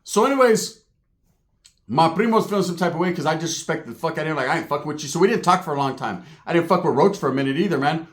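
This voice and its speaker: This man's voice sits on the high side, and he talks fast with lively intonation. He tells a street story in a casual, streetwise, profane way, laughing as he acts out the voices of the people in it.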